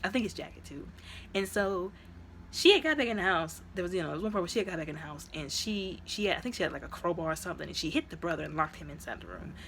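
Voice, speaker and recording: A woman's voice: fairly low pitch, animated, quick pace, a bit bright, slight background noise. A woman reviewing a movie in a casual, chatty retelling, full of fillers, who acts out the characters' lines.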